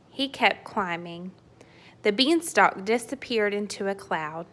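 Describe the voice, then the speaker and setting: Slow, bright-voiced woman reading a storybook. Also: medium pitch. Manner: expressive, playful narration. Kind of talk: children's storybook read-aloud.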